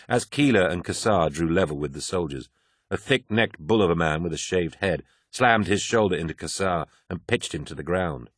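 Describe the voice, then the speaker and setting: Male narrator, very deep voice, steady measured reading, dry close recording. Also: husky, no echo. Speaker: audiobook narrator. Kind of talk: scripted narration.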